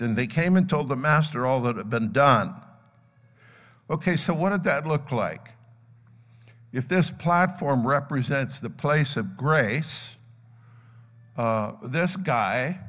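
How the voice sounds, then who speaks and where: An older pastor preaches a sermon, voicing the characters of a parable in a slightly high, fairly bright voice. The church sanctuary adds long reverb, and the live congregation can be heard.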